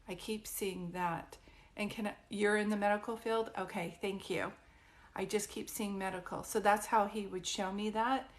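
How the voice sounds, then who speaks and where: A woman doing a psychic reading on a live stream, chatty and reassuring, with many fillers and restarts. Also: medium pitch. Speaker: psychic medium.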